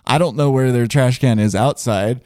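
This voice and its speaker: A man's voice: medium pitch, moderate pace, a little mellow, dry recording, studio quality. A man telling a funny story in casual podcast chat, rambling with lots of fillers. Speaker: guest storyteller.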